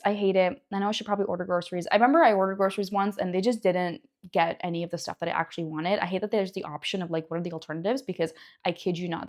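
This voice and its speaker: A young woman talks to camera about wellness in a casual, chatty way. Her voice sits at an ordinary middle height, and her delivery is animated, full of likes and you knows. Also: mid-range voice. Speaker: naturopathic doctor and wellness creator. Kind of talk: casual educational talk to camera.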